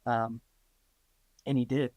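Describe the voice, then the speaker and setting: This stunt performer and actor, being interviewed, has a mid-range voice and takes his time, with no echo on the recording. His casual storytelling is lively and full of laughter, peppered with ums and likes, and he imitates the voices of people he quotes.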